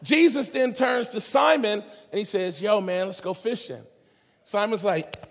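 A man's voice: sits high, unhurried, big-room sound. A man preaching at a conference with comedic energy, acting out the people in his stories in a street-slang voice. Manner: animated storytelling, acting out characters in a street-slang voice. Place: large conference hall.

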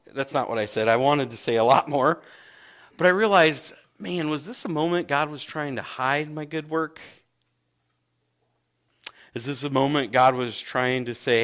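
A man preaching a sermon in an animated storytelling manner. His voice is bright and forward, a little higher than most men's. He slips into the voices of the people in his stories as he goes. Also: moderate pace. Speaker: pastor.

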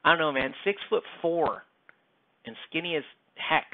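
A young man with a slightly high voice chats unhurriedly while painting on stream, rambling and poking fun at himself as he reads comments aloud. The sound is dry and tinny, like a phone.

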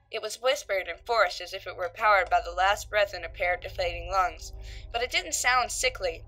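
A woman narrating a creepypasta horror story, voicing its characters with shifts in pitch and loudness. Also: poor audio. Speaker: creepypasta reader. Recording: faint background music.

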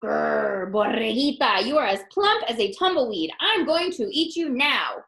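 A woman teacher voicing a hungry, gruff male coyote who growls and threatens, reading a picture book aloud. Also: a little high, very animated, a little slow, a bit bright, echoey room, exaggerated voice. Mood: growling.

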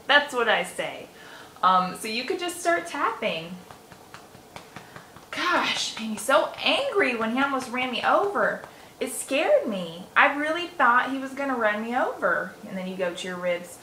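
A woman's voice: medium pitch, expressive, normal speed, pushed and bright. A woman talking casually to camera as a self-help vlogger, telling a story in a chatty, rambling way with lots of fillers. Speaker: self-help vlogger teaching EFT tapping. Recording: roomy echo with faint noise.

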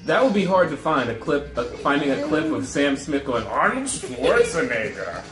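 A man's voice: a little high, lively intonation, fairly quick, reverberant, over music. A man playing a video game with his son, chatting and teasing him with dry humor. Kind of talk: casual gameplay chat.

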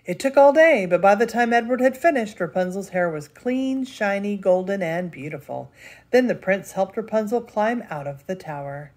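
An older woman, a grandmother, reading a picture book aloud with lively expression. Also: medium pitch, normal speed. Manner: expressive, laughs between lines. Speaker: storyteller.

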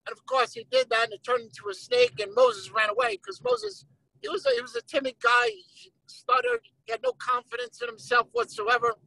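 A high, bright voice swings widely in pitch with a gravelly edge. The speaker tells a story animatedly on a video call, slipping into the voices of the people being quoted. The sound is close and dry, with no room echo. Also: moderate pace. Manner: animated storyteller who acts out quoted lines. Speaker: guest speaker on a group call. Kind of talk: motivational talk with a retold story.

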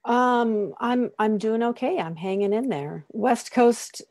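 Woman, slightly hoarse, very slow and hesitant, dry close sound. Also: a little high, dry recording. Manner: soft, halting, emotional. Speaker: ministerial candidate. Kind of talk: casual video call chat.

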